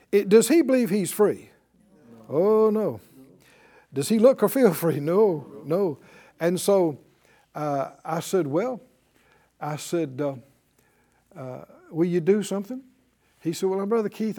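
An older man delivers a sermon in a high-pitched voice. He swings his pitch widely as he preaches and calls on the congregation to answer him back. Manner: animated, call-and-response with congregation. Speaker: pastor.

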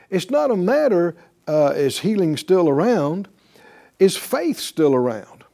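A middle-aged man teaching the Bible in an emphatic way, slowing down to stress key words. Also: fairly high pitch, expressive, vocal fry, warm tone. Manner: emphatic, with deliberate slow stresses.

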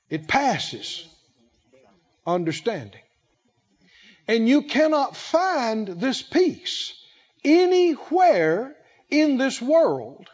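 A male pastor preaching a sermon, emphatic, with drawn-out phrasing and call-and-response. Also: extremely high pitch, a little mellow, dull audio.

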